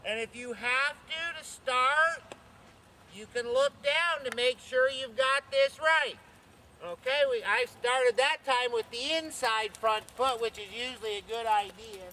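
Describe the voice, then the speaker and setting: High bright-voiced riding instructor man. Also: measured pace, slight background noise. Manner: counts strides aloud, checks in with "okay?". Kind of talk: instructional talk while riding. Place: outdoors on horseback.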